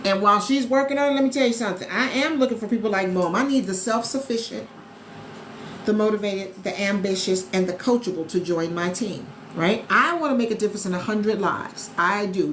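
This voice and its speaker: A woman's voice: mid-range voice, a little hiss or hum. A woman hosting a casual live stream, chatting upbeat with viewers, greeting followers by name and repeating her key points. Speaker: live stream host recruiting travel agents. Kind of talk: casual sales pitch on a social live stream. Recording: roomy echo with faint background ambience.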